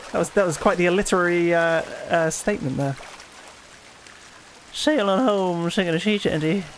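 High-voiced excitable man on a game stream. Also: normal speed, long pauses, a little hiss or hum. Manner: excitable, cheering, stammering restarts. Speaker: co-host of a gaming stream. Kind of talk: casual gaming banter.

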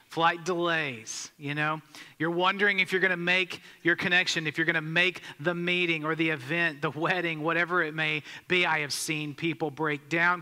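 A man's voice: on the high side, bright, forceful tone, clear, resonant tone. A man giving a sermon as a pastor, telling a story conversationally and asking the congregation questions. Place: church sanctuary. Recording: long hall reverb.

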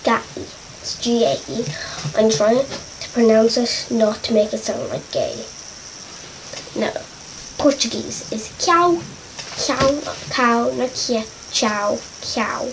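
A woman's voice: on the high side, animated, takes it slowly, long pauses. A woman vlogging casually, spelling out words letter by letter in a chatty, self-mocking way. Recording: noisy home recording.

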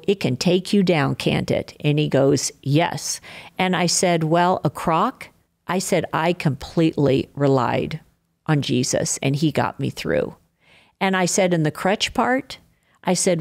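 Older lady guest, low and a bit gravelly, acts out everyone in her stories. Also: unhurried. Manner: animated storyteller acting out quoted voices. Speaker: podcast guest. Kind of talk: faith-filled storytelling interview.

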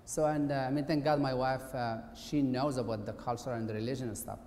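A middle-aged occupational therapist, speaking as a guest lecturer in a university auditorium, talks briskly in a medium-pitched, slightly mellow voice with fairly even intonation. His delivery is conversational yet hesitant. The recording has long, roomy hall reverb and faint hiss.

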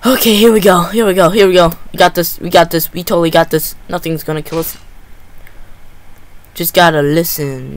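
A man giving excitable live gameplay commentary, full of gasps and repeated exclamations. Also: a little high, normal speed, pauses often. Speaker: gaming channel host.

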